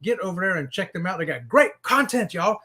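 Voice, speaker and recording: A man co-hosting a casual live stream, greeting viewers in the chat and talking in a lively way. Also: sits high, a little fast. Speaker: co-host of cruise live stream.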